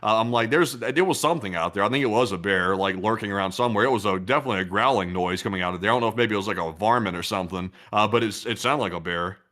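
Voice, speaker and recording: A man hosting a live news stream, reading viewer messages and joking in a relaxed way. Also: lowish voice, very fast, hardly any pauses. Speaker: host. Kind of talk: casual livestream chat, reading viewer donations.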